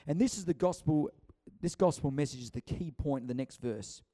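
Male preacher, chatty and animated, a little higher-pitched than most men. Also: brisk. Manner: chatty, acts out quotes, many restarts. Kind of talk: conversational sermon.

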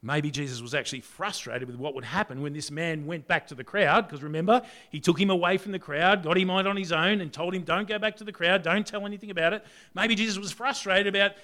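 A man delivers a sermon in a chatty, searching way, stacking up rhetorical questions. His voice sits high and rings bright and forward. He swings between pushing hard and dropping almost to a murmur. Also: fast talker, hardly any pauses. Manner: conversational, rhetorical questions, wide swings in loudness. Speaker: preacher.

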